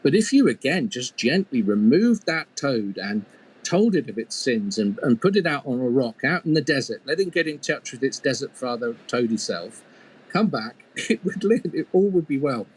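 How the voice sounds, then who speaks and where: A man's voice: mid-range voice, very animated, moderate pace, slightly rough, rough recording. A man voicing a stressed, self-pitying devil in a told folk tale, complaining in a whiny, put-upon way. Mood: explaining.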